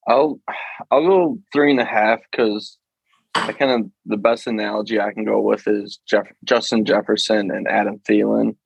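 Man, low gravelly voice, husky, casual sports podcast chat, easygoing. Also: normal speed, no room sound, lo-fi sound. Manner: easygoing, rambling, many fillers. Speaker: podcast co-host.

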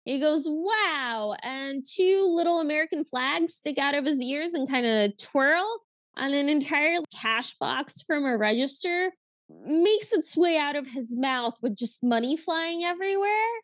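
A woman's voice: high-pitched, lively intonation, unhurried, fairly bright tone, dry recording. A woman from Russia co-hosting a podcast, retelling movie scenes in casual chat and laughing often. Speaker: podcast co-host.

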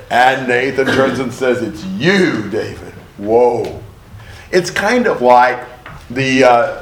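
A man teaching a Bible study class, thoughtful and emphatic, pausing to exclaim for effect. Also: fairly high pitch, fairly bright tone, echoey room.

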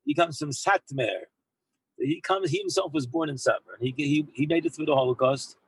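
A man who heads a yeshiva, telling an anecdote in an animated way to his former students, mixing in Hebrew and Yiddish words and often repeating himself as he goes. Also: a little high, fairly quick, husky, no echo, rough recording. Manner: frequent repeats and restarts. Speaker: rabbi and yeshiva head. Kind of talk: storytelling talk to former students.

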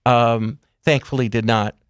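Man guest, mid-pitched, calm explainer, unhurried lists; dry booth sound. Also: clean tone, no room sound. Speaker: guest speaker on religious topics. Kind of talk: calm explanatory interview talk.

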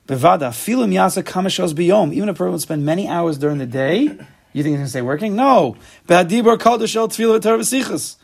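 Fast-talking man leading a study class, gravelly and husky. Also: fairly high pitch. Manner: fast, animated explaining with Hebrew terms. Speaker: Torah class teacher.

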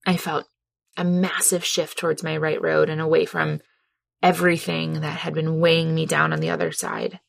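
Her voice sits low with vocal fry, and her delivery is flat at a normal speed, captured in a dry recording. The woman speaks earnestly and from the heart about a personal experience, laughing readily as she goes.

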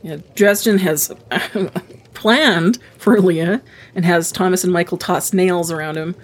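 A woman reads a passage aloud and summarizes a plot in a brisk, matter-of-fact way. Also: on the low side.

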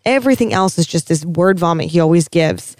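A woman co-hosting a casual TV recap chat, talking in an animated, gushing way with some swearing. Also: lowish voice, brisk, no echo, clean studio sound. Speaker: podcast co-host.

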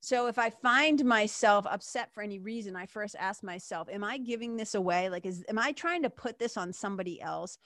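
A woman's voice: mid-range voice, brisk, hardly any pauses, a bit bright, no room sound, studio quality. A woman hosting a podcast, talking casually in a self-help monologue, full of fillers and mild swearing. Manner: chatty, frequent fillers and swearing, laughs at herself. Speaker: podcast host.

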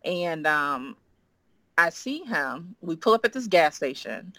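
Animated woman telling a story. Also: deep voice, takes it slowly, no room sound. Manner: animated, acts out quoted dialogue. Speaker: guest. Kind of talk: casual storytelling.

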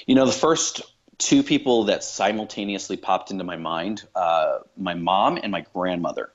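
Reflective male interviewee; low voice, muffled recording, musing pace. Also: moderate pace. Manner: thoughtful, many fillers and restarts. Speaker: podcast guest. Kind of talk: reflective conversation.

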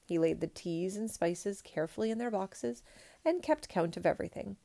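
A woman reading a picture book aloud in a measured, expressive storytelling manner. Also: mid-range voice, vocal fry.

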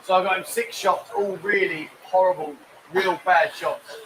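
A man's voice: sits high, fairly even intonation, moderate pace, background noise. Cheeky rambling male stream host. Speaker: live-stream show host. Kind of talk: casual live-stream chat, reading viewer comments.

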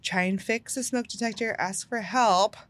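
A woman in a casual podcast conversation, recounting a personal story with lots of "like" fillers and frequent laughter. Her voice sits at a middle pitch and sounds dry and close, with no room echo. She gets lively and loud as the story builds. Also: normal speed. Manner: animated, laughs often, many "like" fillers.

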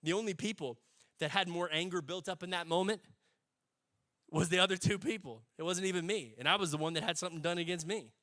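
A young adult man preaching a sermon, folksy and animated, building to emphatic peaks. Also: high-pitched, fast. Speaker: pastor.

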